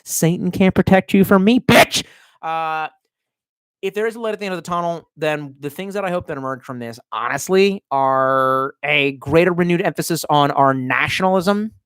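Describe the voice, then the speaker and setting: A man from the United States streaming from his basement, reading chat aloud and ranting with profanity, talking to himself and breaking into sudden yells. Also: a little high, normal speed, clear, resonant tone, no room sound, clean studio sound. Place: home basement room.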